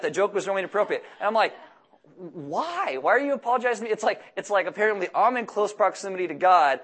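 A man preaching a sermon as the pastor of his church, talking to his congregation in a relaxed, conversational way with dry jokes between readings from scripture. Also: fairly high pitch.

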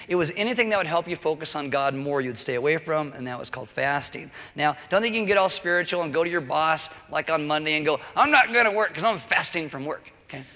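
Chatty preacher man with a bright voice. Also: a little high. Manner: chatty, joking asides, keeps checking in with okay. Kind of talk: casual sermon. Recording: long reverb of a large hall.

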